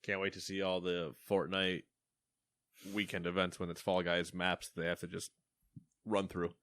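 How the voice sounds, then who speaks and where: A man's voice: sits low, little pitch movement, normal speed, fairly bright tone, dry recording. A man co-hosting a casual gaming podcast, reading news items with a playful, teasing manner and a mock anchor tone. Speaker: podcast co-host.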